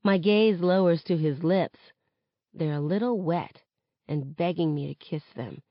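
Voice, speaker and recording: A woman reading a novel aloud in the first person, with expressive narration. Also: lowish voice, measured pace, no room sound, highs cut off. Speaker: reader of a novel. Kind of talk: audiobook-style novel reading.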